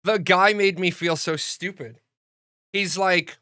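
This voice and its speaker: A man's voice: high-pitched, unhurried, bright, forceful tone, smooth, no echo, clean studio sound. A man streaming live and chatting casually, telling stories in a rambling way with plenty of swearing and restarts. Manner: rambling storyteller, swears freely, frequent restarts. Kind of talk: casual livestream chat.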